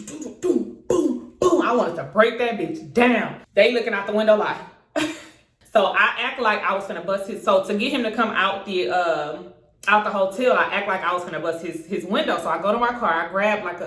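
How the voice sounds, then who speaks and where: A young woman telling a casual storytime, animated, swearing freely and acting out what people said with big jumps in pitch. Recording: echoey room.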